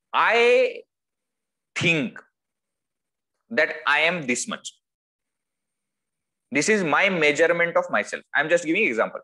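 A man with an Indian English accent giving a spiritual discourse over a video call, telling stories with lively swings of voice. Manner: lively storytelling, acts out quoted voices with wide swings in pitch. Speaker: spiritual teacher. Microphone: video call microphone.

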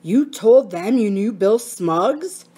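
A woman's voice: medium pitch, expressive, takes it slowly, mellow, husky, soft background music. Woman doing a stern, curt grown man. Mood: sharp. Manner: curt, clipped questions.

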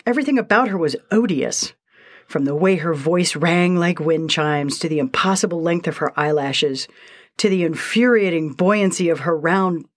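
A woman narrating a short story in a steady, measured reading style. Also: on the low side.

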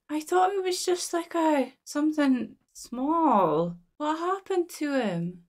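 A woman's voice: sits high, animated, slow pace, a little hiss or hum. Emotional woman reacting to a film. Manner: emotional, talks to the screen. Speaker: movie reaction host. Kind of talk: casual reaction commentary. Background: film soundtrack music.

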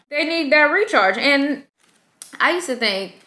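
Woman, thirties, mom vlogger, lively conversational delivery, bright tone, roomy echo. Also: sits high, a little slow. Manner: lively and conversational, acts out quoted voices. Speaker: mom vlogger giving self-care advice. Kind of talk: casual advice vlog. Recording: echoey room.

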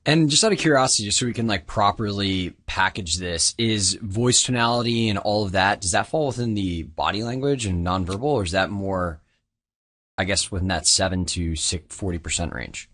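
A man's voice: low-pitched, normal speed, a bit bright. A man hosting a podcast interview, asking eager, rambling questions. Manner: enthusiastic, rambling questions with fillers. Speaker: podcast host.

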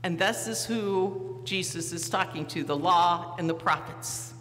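Soft background music accompanies a pastor's sermon in a church sanctuary, where the reverberant hall carries a faint hum. His mid-range voice is fairly bright and measured as he tells the story vividly, acts out the disciples and asks the listeners questions.

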